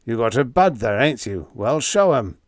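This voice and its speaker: A gruff, blustering old ship captain in a sci-fi audiobook, voiced by a male narrator, speaking somewhat higher and louder than the narrator's own voice. His talk is folksy and ungrammatical, and the sound is dry and close. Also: sing-song, normal speed, no room sound, lightly acted.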